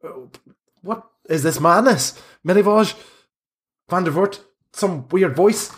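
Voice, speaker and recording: A rattled village priest, as a game master puts him on, his voice climbing high in alarm. He sounds confused and overwhelmed, loud and animated. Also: slow pace. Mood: bewildered. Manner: bewildered, high-pitched exclamations. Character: flustered middle-aged male priest.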